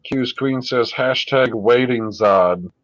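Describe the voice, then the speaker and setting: A man's voice: medium pitch, no room sound, muffled recording. A man hosting a casual livestream, talking loosely and swearing often. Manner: loose, swearing, quick laughs. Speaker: livestream host. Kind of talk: casual profane chat.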